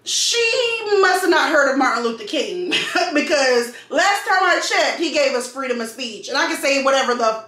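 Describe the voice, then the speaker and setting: A woman vlogger telling a storytime to her viewers in an animated way, repeating phrases for emphasis. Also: high-pitched, normal speed, recorded from a distance. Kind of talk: storytime vlog. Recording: roomy sound, mic set back.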